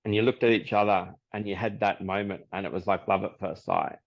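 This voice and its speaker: Gravelly low-voiced man, lo-fi. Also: brisk. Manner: storytelling, relaxed, laughs often. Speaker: psychic medium guest. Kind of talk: casual podcast interview. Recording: dull lo-fi audio.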